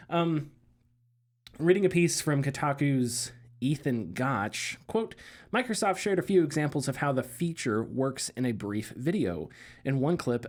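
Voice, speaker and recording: A man's voice: medium pitch, a little mellow. A man co-hosting a gaming podcast, talking loosely with lots of fillers and sarcastic asides, laughing easily. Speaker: podcast co-host. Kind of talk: casual gaming news chat.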